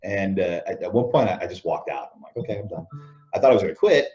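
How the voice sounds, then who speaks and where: On dull lo-fi audio, a man who used to wrestle speaks as an interview guest, a fast talker with a low voice. He recounts backstage anecdotes in a lively, casual way, performing quoted lines and frequently chuckling.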